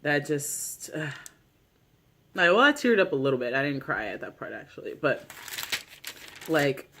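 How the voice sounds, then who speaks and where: Man, casual TV recap vlogger. Rambling and slangy with lots of cursing, a touch higher-pitched than most. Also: very animated, a little slow, bright, forceful tone, slight background noise. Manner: rambling, heavy use of "like" and "you know"; swears freely, slangy. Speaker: YouTube show recapper.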